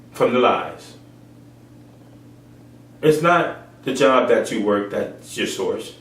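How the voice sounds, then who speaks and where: Lively high-voiced man preaching, echoey. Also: a little slow. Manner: acts out others' voices in raised tones; repeats phrases for emphasis. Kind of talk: informal sermon. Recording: echoey room from far off.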